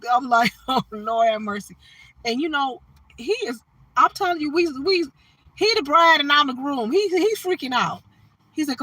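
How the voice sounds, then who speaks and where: A woman's voice: high-pitched, animated, a little slow, pushed and bright, low-quality recording. A woman chatting casually on a livestream, talking animatedly with her viewers. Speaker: livestream host.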